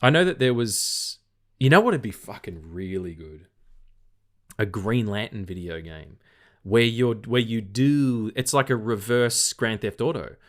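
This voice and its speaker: Australian man, lower register, tired, rambling podcast co-host. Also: animated, measured pace. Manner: rambling, repeats words, swears casually. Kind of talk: casual film podcast chat.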